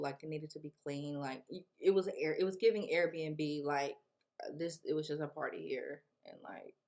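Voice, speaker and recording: A young woman vlogger telling a casual storytime tale, animated and laughing often as she acts out the people in it. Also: deep voice.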